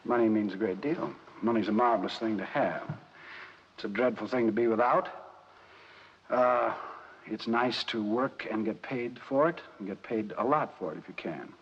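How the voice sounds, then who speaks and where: A man from the United States, a film actor answering interview questions deliberately, pausing often, in a dull lo-fi 1960s recording. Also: lowish voice, a little hiss or hum. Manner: deliberate, pauses with many fillers.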